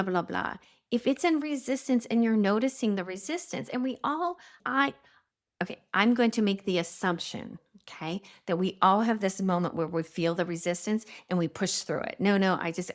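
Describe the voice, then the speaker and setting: A woman co-hosting a talk show, steering the conversation and giving tips in a measured, instructive way, often checking in with her listener. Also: mid-range voice. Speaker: podcast co-host. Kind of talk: casual chat guiding tips.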